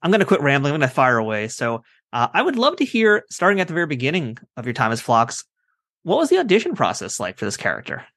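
A man's voice: on the high side, huge pitch swings, fast talker, fairly bright tone, no room sound, clean studio sound. A man hosting a podcast interview, talking in a rambling, friendly way with many fillers. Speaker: podcast host.

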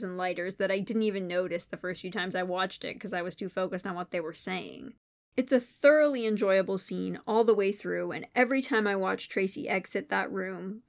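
A woman's voice: mid-range voice, vocal fry. A woman giving an enthusiastic, detailed scripted narration of a film review.

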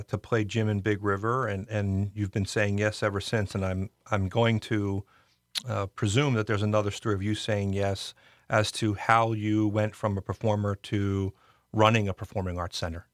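Male interviewer, low pitch, measured delivery; dry close sound. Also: level tone, no room sound. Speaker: interviewer host. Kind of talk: interview questions.

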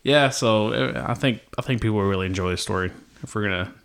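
A man's voice: lowish voice, quick pace, gravelly, fairly bright tone, clear, resonant tone. A man chatting casually as a podcast guest, rambling with many fillers and restarts. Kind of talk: casual chat.

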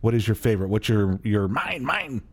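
A man's voice: fairly low pitch, sing-song, normal speed, slightly rough. A man hosting a podcast in a casual chat, joking at his own expense and laughing often. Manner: jokey, self-deprecating, laughs often. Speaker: podcast host.

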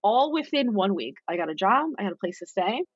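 A young woman with a husky, slightly breathy voice tells her story as a podcast guest, lively and chatty, jumping into quoted voices of herself and her friends. The sound is dry and a little dull, with no room around it. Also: medium pitch, a little fast, no echo. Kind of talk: casual storytelling interview.

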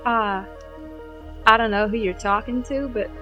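A woman's voice: fairly high pitch, steady tone, a little slow, pushed and bright, faint music behind, poor audio. A woman playing a tabletop game, speaking hesitantly and cautiously with small restarts. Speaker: player. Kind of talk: tabletop role-play.

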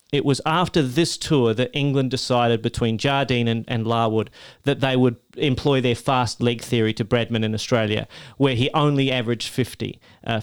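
A podcast co-host with a smooth, mid-range voice tells a story in a casual show. He's enthusiastic and stat-heavy, correcting himself as he goes.

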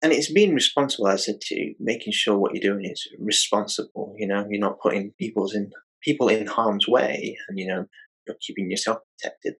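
A man's voice: lowish voice, a little fast, fairly bright tone, husky, rough recording. A British man hosting a casual interview, rambling a little and often saying "you know.". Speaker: podcast host.

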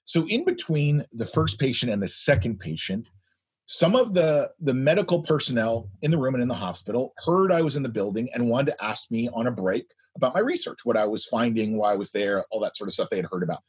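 A man in his fifties, a guest telling a story in a loud, animated way. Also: medium pitch, a little fast, breathy edge. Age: 50s. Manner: animated, speaks loudly. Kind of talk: anecdotal storytelling.

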